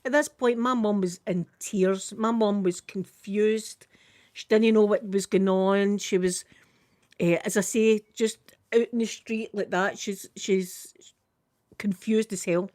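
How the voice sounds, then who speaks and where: A woman's voice: medium pitch, moderate pace, darkish tone, dry recording. Chatty middle-aged Scottish woman, dry sound. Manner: chatty, tumbling, full of local idiom. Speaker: live streamer. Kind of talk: casual storytelling chat.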